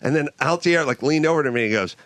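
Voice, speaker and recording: A man hosting a podcast, telling stories in a ranting, profane, animated way from a cruise ship cabin. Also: a little high, very fast, no room sound. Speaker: podcast host. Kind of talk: casual storytelling chat.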